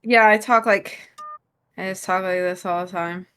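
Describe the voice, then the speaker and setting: A woman's voice: medium pitch, fairly even intonation, moderate pace, a bit bright, clear, resonant tone. A young woman chatting casually while live-streaming a game, easygoing and laughing between thoughts. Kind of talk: casual let's-play chat.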